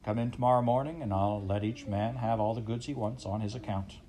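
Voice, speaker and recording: A man voicing a pioneer father who speaks quietly, coolly and steadily in a storybook reading. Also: on the low side, a little fast, crowd noise, lightly acted. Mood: calm firm. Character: pioneer father, calm and firm.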